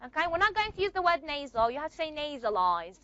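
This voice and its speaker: A woman gives a phonetics lecture in a very high, lively voice that swings up and down, with a bright edge. She poses questions to the class, answers them herself, and draws out key words slowly. The recording sounds dull and lo-fi. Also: no room sound. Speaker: phonetics teacher.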